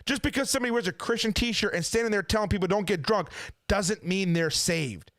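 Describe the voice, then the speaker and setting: A man's voice: sits high, a little fast, a bit bright, no room sound, clean studio sound. A man at home in his kitchen, ranting indignantly in casual commentary, firing off rhetorical questions. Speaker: preacher and channel host.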